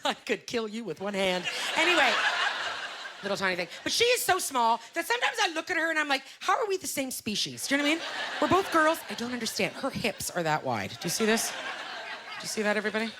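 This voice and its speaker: A woman stand-up comic in middle age, her voice sitting a bit high as she fires off punchy, self-mocking asides. She's recorded live on a club stage through a handheld mic, with loud crowd laughter rolling over the noisy room. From Canada. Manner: animated, self-mocking, punchy delivery with rhetorical questions. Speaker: stand-up comedian. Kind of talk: stand-up comedy set.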